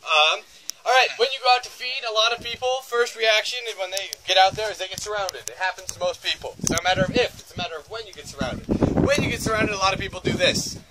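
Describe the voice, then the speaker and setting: A man's voice: sits high, fast, background noise. A man leading a reindeer farm tour outdoors, giving joking, teasing instructions and laughing often. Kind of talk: joking instructional talk to visitors. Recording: outdoor tour with crowd audible. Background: group of visitors.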